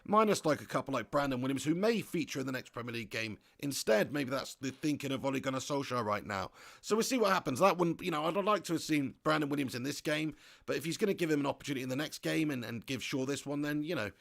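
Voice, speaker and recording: A young man hosting a live football watch-along, reading viewer comments aloud and chatting excitably, laughing often and swearing casually. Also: medium pitch, fast talker, gravelly, few pauses.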